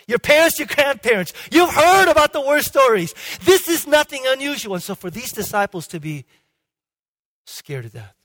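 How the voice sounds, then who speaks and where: A male pastor preaching a sermon with emphatic swings between loud and hushed delivery, and frequent restarts. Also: very high voice, expressive, brisk, few pauses. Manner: frequent restarts and "okay?" checks. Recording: long hall reverb.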